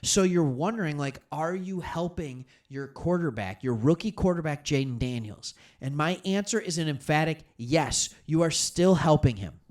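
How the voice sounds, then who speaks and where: A man hosting a solo sports talk show, emphatic and animated, speaking straight to his viewers. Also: a little high, moderate pace, hardly any pauses. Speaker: sports commentary host.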